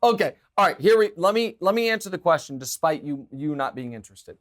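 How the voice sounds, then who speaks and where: A man with a slightly raised pitch hosts a sports talk show from a studio. He argues his opinions emphatically and animatedly, moving between punchy assertions and drawn-out, measured points. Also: expressive, a bit bright.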